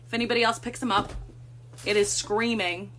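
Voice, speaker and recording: A woman's voice: medium pitch, steady tone, a little fast, fairly bright tone, slight background noise. A woman hosting a casual live stream from a room at home, chatting to viewers and cooing baby talk to her cats.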